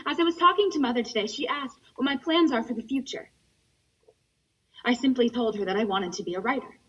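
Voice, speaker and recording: A woman's voice: on the high side, fairly quick, a bit bright, husky, far from the mic, muffled recording. A young woman student actor voicing an aspiring writer who pours her frustration into a letter, in an emotional monologue over a video call. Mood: indignant. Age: young adult. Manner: indignant, emotional. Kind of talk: dramatic monologue reading a letter.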